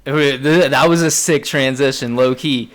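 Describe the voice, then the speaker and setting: A man's voice: mid-range voice, steady tone, normal speed. A young man co-hosting a casual podcast, talking in a loose, rambling way and swearing freely. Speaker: podcast co-host. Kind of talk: casual chat.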